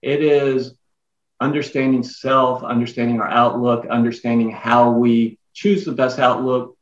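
A man's voice: medium pitch, flat delivery, unhurried. A man guesting on a podcast interview, explaining his ideas earnestly and listing them in emphatic runs. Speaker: guest author. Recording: echoey, dull lo-fi remote audio.

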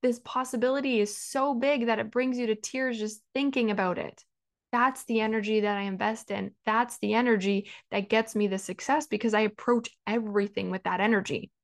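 A woman's voice: a little high, steady tone, fairly quick, creaky. A woman hosting a podcast, sharing her story in an earnest, emotional way, often saying "like" and repeating words. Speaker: business coach and podcast host. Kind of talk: personal storytelling monologue.

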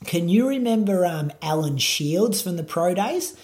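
A man's voice: high voice, expressive, a little slow, a little mellow. A man with an Australian accent, a running podcast producer and coach, chatting casually in an interview with lots of fillers. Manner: laid-back, rambling, lots of fillers.

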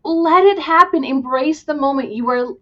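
A woman speaks with a high, animated voice. She tells classroom stories in a casual way. Her audio sounds dull and a little lo-fi. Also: normal speed. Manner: animated, acts out quotes while telling classroom stories. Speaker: podcast guest, early-childhood educator. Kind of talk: casual conversation.

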